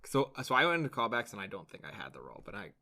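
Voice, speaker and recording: A man's voice: lowish voice, sing-song, very fast, pushed and bright. A young man co-hosting a podcast in casual chat, rambling with many fillers and restarts. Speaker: podcast co-host.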